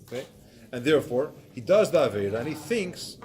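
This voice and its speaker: A man teaching a Torah class, explaining points with animated examples and acted-out excuses. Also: a little high, fast. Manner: animated, acts out excuses in voices.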